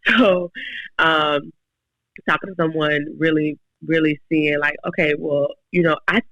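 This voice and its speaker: A woman's voice: low-pitched, steady tone, unhurried, fairly bright tone, no echo, muffled recording. A woman in her forties, a podcast guest, telling her faith story earnestly with many restarts. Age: 40s. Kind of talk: casual faith talk.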